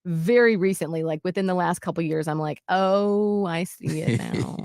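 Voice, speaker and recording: In studio-quality audio with no room sound, a woman co-hosting a show recounts a personal story at normal speed. Her fairly low voice turns animated as she acts out others' words, shifting her loudness.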